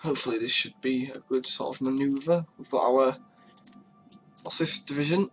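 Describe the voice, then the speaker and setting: A man's voice: medium pitch, normal speed, pushed and bright, soft background music. A man giving casual, chatty commentary on a strategy game, swearing freely and talking to his units as he moves them. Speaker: gaming YouTuber.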